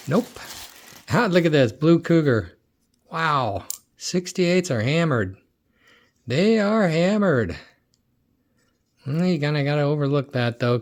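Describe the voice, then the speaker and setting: A man's voice: mid-range voice, a little hiss or hum. Chatty man thinking aloud over collectibles. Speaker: toy car collector and dealer. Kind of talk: casual unboxing commentary.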